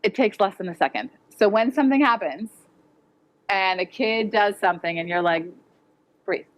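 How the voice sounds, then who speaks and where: A woman educator speaks to parents at a conference, her medium-pitched voice lively in intonation and normal in speed. Her talk is direct and practical, and she acts out the voices she quotes. The setting is a conference hall with an audience present.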